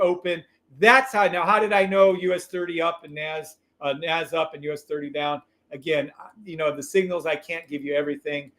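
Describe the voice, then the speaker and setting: A man hosting a live trading stream, calling trades in an excitable, profane, loud way. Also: fairly high pitch. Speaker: livestream trading host.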